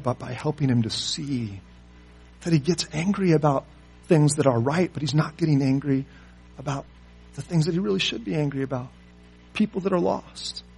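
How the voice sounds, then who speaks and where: Husky-voiced male preacher asking questions. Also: fairly high pitch. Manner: preaching with rhetorical questions, swinging between loud emphasis and quiet asides. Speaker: pastor. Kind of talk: sermon.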